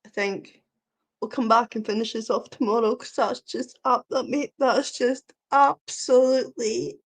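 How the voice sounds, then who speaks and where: A middle-aged Scottish woman hosting a casual live stream, chatty and giggly, fumbling with the software as she talks to viewers. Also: a little high, fairly even intonation, measured pace. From Scotland.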